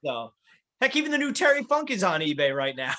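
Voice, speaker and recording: A man's voice: high voice, very animated, brisk, bright, forceful tone. A man hosting a casual podcast, chatty and wry with lots of fillers. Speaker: podcast host.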